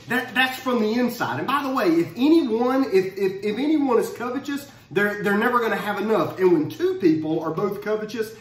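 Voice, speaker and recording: A man giving a casual Bible study talk, conversational and animated, often restarting his phrases. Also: high-pitched. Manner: conversational, repeats words when restarting, animated. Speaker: Bible teacher. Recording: roomy echo.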